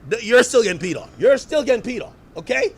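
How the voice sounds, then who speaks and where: A man hosting a podcast, giving loud, profane reaction commentary that at times turns to shouting. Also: very high-pitched, very animated, fast, breathy edge. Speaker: podcast host.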